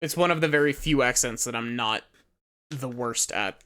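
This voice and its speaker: A young woman streamer making chatty, halting asides while playing a game, over game music. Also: very deep voice, fairly bright tone. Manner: chatty, hesitant asides, trailing off. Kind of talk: casual livestream commentary.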